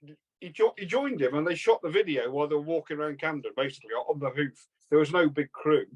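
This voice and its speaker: A man's voice: fairly high pitch, fast talker, lo-fi sound. Chatty man telling a long anecdote. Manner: rambling anecdotal storyteller, laughs often. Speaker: podcast co-host. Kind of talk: casual chat.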